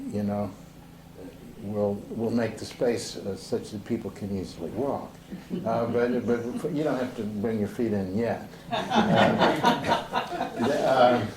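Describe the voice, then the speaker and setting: Man, Sufi teacher guiding a group, unhurried halting delivery, roomy echoey room, faint street noise. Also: fairly low pitch. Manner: slow and halting, with many fillers and restarts. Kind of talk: relaxed spoken instruction to a seated group. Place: indoor room with a door to the street.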